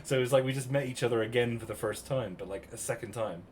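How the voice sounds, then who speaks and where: British male streamer in his thirties, mid-pitched, chatty storyteller, animated delivery, slight hiss underneath. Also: fast talker. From Cornwall, England. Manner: chatty, animated retelling with quoted voices. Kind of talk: casual storytelling to chat.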